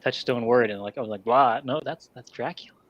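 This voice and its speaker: A man's voice: mid-range voice, quick pace, a little hiss or hum. A man hosting a casual podcast, laughing often and rambling with restarts. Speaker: podcast host. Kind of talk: casual chat. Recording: dull lo-fi mic.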